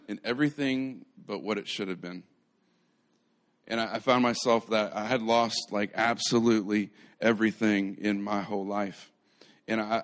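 A middle-aged pastor preaching in a low male voice. He tells a story animatedly and restarts his sentences often as he goes. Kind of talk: sermon.

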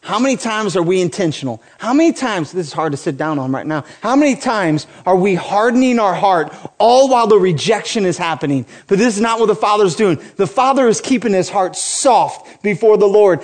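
High-voiced man preaching with passion. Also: animated, fairly quick, hardly any pauses. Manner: passionate, swells to emphatic high peaks, playful asides. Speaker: pastor. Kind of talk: sermon.

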